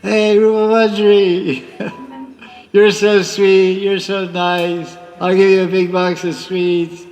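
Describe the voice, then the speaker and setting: A man voicing a young god who flatters and coaxes the maidservants, in an echoey hall. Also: sits high, slow pace, faint music behind, voice pushed up. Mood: coaxing. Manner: coaxing, sweet-talking.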